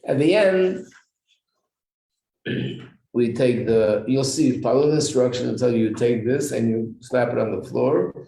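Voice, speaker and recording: In a measured, dark-toned mid-range voice with frequent pauses, a man teaches customs to a small religious class, asking them questions and clearing his throat regularly. The room is echoey, and the recording carries that reverb plus faint noise.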